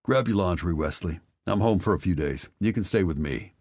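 A gruff young soldier and protective big brother, read by a male narrator. He speaks bluntly in a very deep voice, and the audio is dry and close. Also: expressive, a little fast, a little mellow, dry recording.

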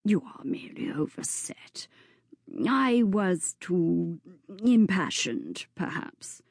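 A woman's voice: lowish voice, big pitch swings, creaky, no echo, clean studio sound, exaggerated voice. Woman doing a hissing villainous viscount. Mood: sullen. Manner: slow, hissing, often half-whispered threats. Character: menacing hot-tempered male viscount villain.

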